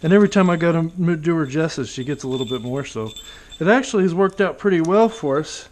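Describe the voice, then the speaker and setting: A man narrating a casual vlog outdoors as a falconer, talking quietly and patiently and coaxing his bird between remarks. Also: on the high side, expressive, fast talker, a little hiss or hum. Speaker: falconer training a hawk. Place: outdoors among trees.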